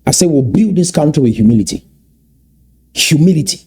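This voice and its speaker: A man giving impassioned political commentary, emphatic and repeating key points slowly for weight. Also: on the high side, expressive, dark tone, a little hiss or hum.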